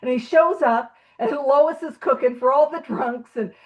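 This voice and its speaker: A woman leading a recovery study meeting, telling a story in a casual, animated way and laughing often. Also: high voice, normal speed, narrow, tinny audio. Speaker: meeting leader.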